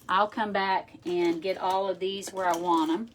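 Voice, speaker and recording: A woman's voice: mid-range voice, fairly even intonation, moderate pace, hardly any pauses, slight background noise. A woman hosting a craft tutorial, chatting casually and thinking aloud as she works. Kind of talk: casual how-to demonstration.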